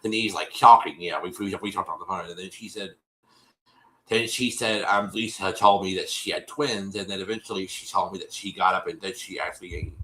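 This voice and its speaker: A man's voice: low-pitched, fairly even intonation, fairly quick, pushed and bright, roomy sound, poor audio. A man hosting a live stream, casually recapping a show in a rambling way, with many restarts and fillers. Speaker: host.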